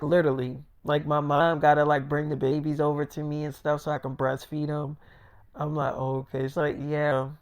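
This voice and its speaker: A man's voice: on the high side, smooth. A man telling a long story in a casual, rambling monologue. He talks in slangy street speech, boasts, and fills his sentences with "like" and "you know". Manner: rambling, repeats fillers like "like".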